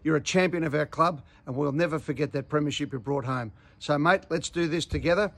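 An Australian man with a fairly high voice speaks with confident, rousing assurance. He sounds like a club leader rallying a colleague in a recorded video message. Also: a little fast, vocal fry, a bit bright.

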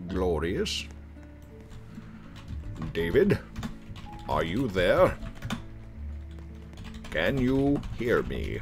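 A man giving chatty live commentary while playing an online game, talking to other players and getting excited when he finds someone. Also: sits low. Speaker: gaming YouTuber.

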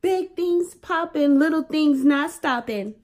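A soft-spoken woman gives short, easygoing replies on a family vlog. Her voice is high, and she speaks slowly and without hurry. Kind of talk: casual vlog chat.

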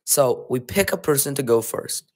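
A young man hosting a game server, commentating in a casual, excitable and joking way at a desk mic. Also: medium pitch, normal speed. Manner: excitable, joking and laughing, trolling players. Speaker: game server host and YouTuber.

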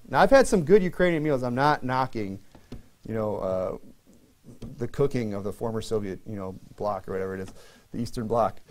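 A pastor preaching a sermon in a conversational way, mixing scripture reading with humorous personal stories. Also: male voice, mid-range voice.

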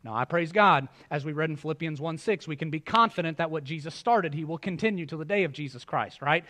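A man's voice: a little high, fast talker, pushed and bright. A male pastor preaching a sermon in a church, in a conversational style with joking asides to the congregation. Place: church sanctuary.

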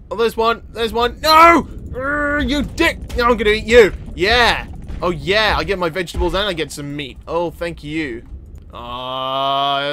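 A young man giving excitable gameplay commentary, often yelling and laughing. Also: high voice. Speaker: gaming video host.

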